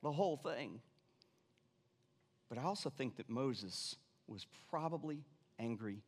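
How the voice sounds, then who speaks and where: A man preaching a sermon, animated, repeating his lines and dropping suddenly to quiet. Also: mid-range voice, measured pace. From Irish family background. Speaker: pastor. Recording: long reverb of a church hall.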